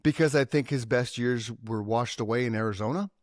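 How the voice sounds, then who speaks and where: Animated male podcast co-host, dry room. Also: mid-range voice, a little fast, no room sound. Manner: animated, repeats himself while searching for words, swears casually. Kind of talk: casual chat.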